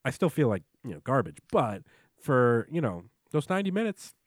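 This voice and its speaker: A man's voice: mid-range voice, very animated, moderate pace, no echo, studio quality. A young man co-hosting a podcast, telling a rambling story and laughing as he talks. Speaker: podcast co-host. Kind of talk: casual chat.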